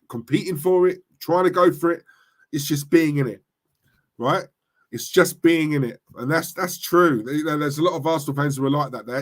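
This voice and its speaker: A man who hosts a football fan channel, ranting on a livestream and reading chat comments, forceful and impassioned, often checking in with "right?". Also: mid-range voice. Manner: impassioned, repeats "right?" to the audience.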